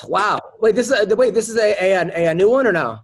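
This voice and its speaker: A man's voice: high voice, fairly quick, husky. A man hosting a podcast, chatting casually and rambling through stories with frequent restarts. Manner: rambling storyteller with many restarts. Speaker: podcast host. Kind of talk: casual chat.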